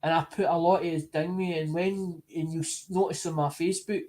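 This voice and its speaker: A man with a voice pitched a touch high talks in a loose, unscripted way. He wanders from thought to thought and circles back over the same words. The delivery is casual and chatty, as if he were talking to regular viewers. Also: steady tone, a little mellow. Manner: rambling, repeats himself and restarts phrases; talks to supporters in an unhurried, chatty way. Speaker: coin collector vlogger. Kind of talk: casual rambling monologue.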